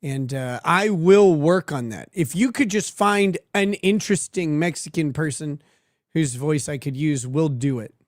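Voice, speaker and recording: Slightly high-pitched with lively intonation, this male streamer speaks a little slowly. He reads viewer messages and answers them with crude, sardonic jokes and plenty of laughter, recorded in clean studio sound with no room sound, as casual livestream commentary.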